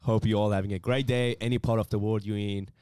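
Friendly Iranian-born man, smooth voice. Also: on the low side, steady tone, quick pace, dark tone, no room sound, clean studio sound. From Iran. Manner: friendly, laughs easily, restarts words. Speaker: podcast co-host. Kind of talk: casual chat.

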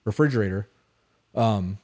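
A man's voice: lowish voice, moderate pace, darkish tone. A man in his thirties co-hosting an advice podcast, talking casually and bluntly, swearing and repeating himself for emphasis. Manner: blunt, profane, repetitive. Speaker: podcast co-host.

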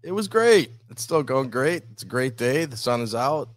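A man's voice: mid-range voice, normal speed, no echo, studio quality. A man co-hosting a comedy livestream, chatting in a casual, easygoing way. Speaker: co-host.

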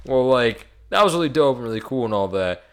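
A young man co-hosting a podcast in casual chat, animated and joking, talking through long explanations with many fillers. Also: medium pitch, brisk, clear, resonant tone. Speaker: podcast co-host.

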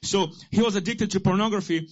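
A man's voice: high voice, a little fast, dull audio. A man preaching a sermon as pastor, exhorting his listeners and repeating key lines for them to say back.

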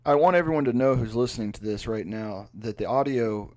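A man's voice: medium pitch, fairly quick, darkish tone. A man co-hosting a podcast over a remote video call, talking loosely and laughing often in casual chat. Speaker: podcast co-host.

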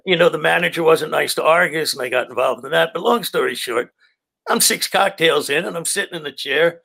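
An older male comedian spins profane, rambling backstage stories with a high, gravelly voice. His tone is bright and forceful, full of fry. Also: fairly quick. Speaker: stand-up comedian. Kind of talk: casual storytelling chat.

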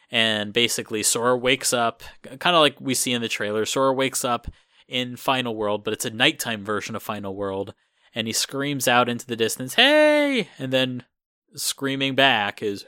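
A man's voice: mid-range voice, bright, forceful tone, smooth, no room sound, clean studio sound. A man hosting a casual podcast chat, rambling with lots of fillers and restarts. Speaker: host.

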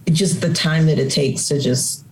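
A middle-aged woman with a Chicago accent, a writer and radio host, chatting as a podcast guest and telling stories in a lively, colloquial way. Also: low voice, a little slow, a little hiss or hum, rough recording. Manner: animated storyteller, colloquial. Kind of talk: casual interview conversation.

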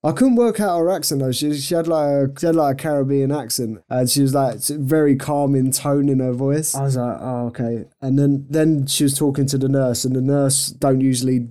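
Mellow-voiced man telling a rambling story. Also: mid-range voice, fairly even intonation, brisk, hardly any pauses. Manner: rambling, self-mocking, giggly. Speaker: podcast co-host. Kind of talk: casual storytelling chat.

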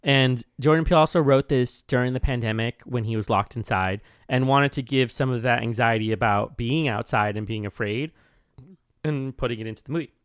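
A man's voice: mid-range voice, brisk, smooth, no echo, studio quality. A man co-hosting a casual podcast, explaining a film's references in a hesitant, explanatory way with restarts and fillers. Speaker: podcast co-host. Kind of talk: casual film discussion.

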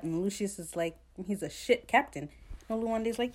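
A woman casually recapping a TV episode, blunt and profane, jumping into quick character voices as she retells scenes. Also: mid-range voice. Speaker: podcast host recapping a TV episode.

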